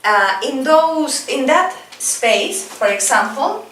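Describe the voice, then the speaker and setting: A woman whose first language is Spanish, teaching English in a bilingual lesson, slowing right down for drill phrases and speeding up when explaining. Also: high voice, animated, fairly bright tone, far from the mic. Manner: slow, over-articulated drill repetitions, quicker Spanish explanations. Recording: roomy echo, voice a bit off-mic, faint background noise.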